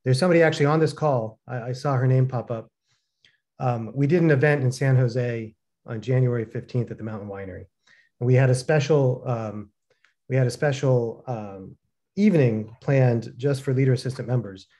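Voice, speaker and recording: A man's voice: medium pitch, moderate pace. A man co-hosting a casual talk, telling stories with lots of fillers and acting out the people he quotes. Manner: animated storyteller, acts out quoted dialogue, many fillers.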